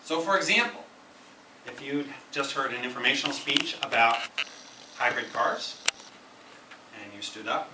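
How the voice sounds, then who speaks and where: A man speaks at a speaking club meeting, offering an instructive prepared speech and repeating key phrases with emphasis. His mid-range voice has lively intonation, a little slow and full of pauses. The sound is echoey and noisy, shot by a camera far away.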